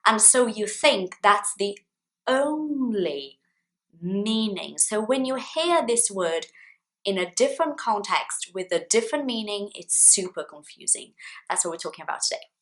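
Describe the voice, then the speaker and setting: Slow, clear-speaking woman teaching English. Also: medium pitch, a bit bright. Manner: slow and clear, with playful example sentences. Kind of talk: English lesson to camera.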